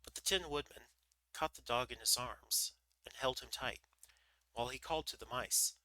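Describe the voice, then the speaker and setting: Streamer reading a story aloud, very bright voice, stumbles a bit. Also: male voice, medium pitch, moderate pace, no echo, low-quality recording. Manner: relaxed, with small slips and restarts. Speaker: livestream storyteller. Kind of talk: reading a children's book aloud.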